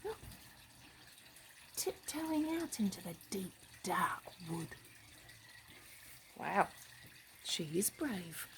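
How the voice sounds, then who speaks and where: A woman reading a picture book aloud to children, animated, with gasps, hushed asides and questions to the listener. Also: mid-range voice, very slow, pauses often, a little hiss or hum, poor audio. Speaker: storybook reader.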